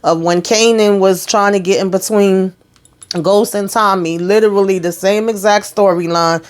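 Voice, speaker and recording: A woman giving a casual TV episode recap in an animated, blunt and slangy way, swearing freely. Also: mid-range voice, moderate pace. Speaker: TV show recap reviewer.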